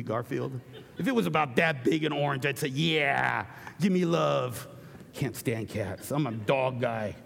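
A middle-aged man preaching a sermon as pastor, animated and jokey, slipping into acted asides. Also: mid-range voice, creaky, long reverb tail.

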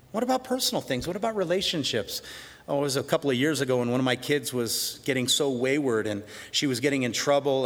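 A middle-aged man preaching a sermon as pastor, swinging between loud praise and hushed storytelling. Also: mid-range voice. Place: church sanctuary. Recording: long reverb of a large hall.

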